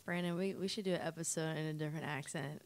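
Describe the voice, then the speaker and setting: A woman co-hosting a podcast, asking quick, eager questions and repeating herself. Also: deep voice, steady tone, a little hiss or hum. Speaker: podcast co-host. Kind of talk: casual chat.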